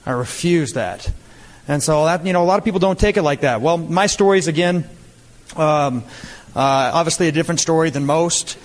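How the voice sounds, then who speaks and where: Earnest man speaking in a big hall. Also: a little high. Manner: earnest, plain-spoken, with "uh" pauses. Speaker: speaker at a business event. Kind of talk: motivational speech. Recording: reverberant hall with faint crowd.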